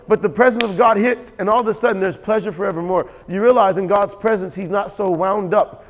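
A man preaching a sermon as pastor, animated and storytelling. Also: sits high, a little fast, few pauses. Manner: animated, storytelling with quoted voices and laughter. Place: church sanctuary. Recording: church hall with long reverb.

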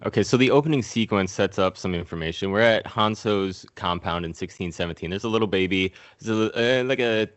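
A man's voice: lowish voice, fairly quick, few pauses, no room sound. A man co-hosting a casual podcast, rambling and swearing as he recaps a movie plot. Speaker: podcast co-host.

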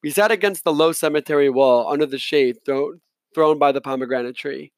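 A man reading a novel aloud in the first person, in a measured, reflective manner, close to the mic. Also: on the high side, no echo. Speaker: audiobook narrator. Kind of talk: scripted narration, first person.

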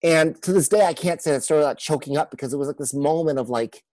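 A man, a pastor and guest on a podcast, telling a personal story in an earnest, halting way with many restarts. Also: a little high, a little mellow, dry recording, poor audio.

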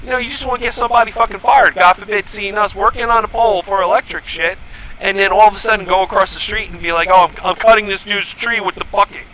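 A man's voice: high-pitched, quick pace, sharp tone, rough recording. A man hosting a casual podcast, telling stories in a profane, heated rant. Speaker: podcast host. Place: home podcast setup.

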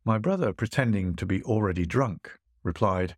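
A man narrating a classic tale in a measured, expressive reading. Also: on the low side, no room sound, clean studio sound. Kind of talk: audiobook storytelling.

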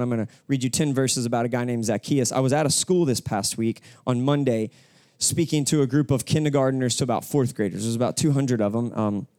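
A man's voice: mid-range voice, darkish tone, clean tone, dry recording, studio quality. A man pastor preaching a sermon to his congregation, telling stories in a casual, joking way and then pressing points with emphasis. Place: church hall with live congregation.

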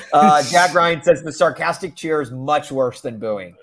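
This is a man co-hosting a casual sports podcast, with a voice that sits a little high for a man. He is animated and laughs easily. He hammers his points by repeating them. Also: a little slow. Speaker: podcast co-host.

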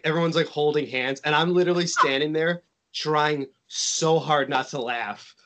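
A man's voice: mid-range voice, fairly bright tone. A man from Chicago, a wrestler guest on a podcast, telling a story in casual chat with lots of restarts and fillers. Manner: rambling, many likes and restarts.

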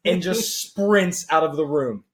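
A man's voice: a little high, measured pace. A man casually telling a funny story on a podcast with friends, laughing and acting out the people in it. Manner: animated, laughing, acts out voices in quotes.

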